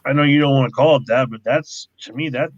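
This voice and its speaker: A man co-hosting a casual talk stream who puts his view across in a measured, firm way. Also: mid-range voice, no room sound, muffled recording.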